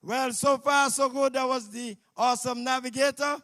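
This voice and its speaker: High-voiced Kittitian emcee man. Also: fairly even intonation, normal speed, soft background music. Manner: loud, joking, teasing. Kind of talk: live stage emceeing with banter. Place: outdoor carnival stage.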